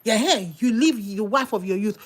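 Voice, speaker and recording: A woman with a mid-range voice preaches a passionate sermon at a normal speed. She is animated and exclamatory, packing her delivery with exclamations, rhetorical questions and sudden bursts of laughter.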